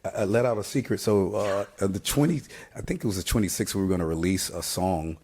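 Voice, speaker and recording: A man in his fifties, a band singer, chatting casually in an interview, relaxed, halting with fillers and often laughing. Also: low voice, slightly rough. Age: 50s.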